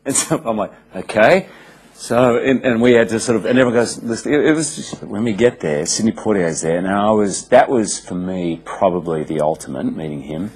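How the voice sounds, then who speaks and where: A man, telling animated stories in a casual interview with frequent restarts. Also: on the low side, breathy edge, rough recording. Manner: animated storyteller, quick restarts. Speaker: interviewed actor.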